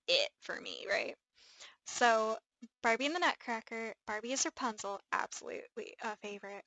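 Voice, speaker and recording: A young woman with a Midwestern accent chatting on a live stream, excitable and gushing, rambling with lots of fillers. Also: high-pitched, no room sound, poor audio. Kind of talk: casual live-stream chat.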